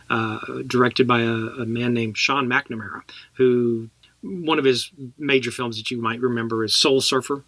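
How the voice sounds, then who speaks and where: A man's voice: medium pitch, a bit bright, no room sound. A middle-aged man from Texas, an actor guest telling casual stories in an interview and laughing as he goes. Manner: chatty, laughs through his stories.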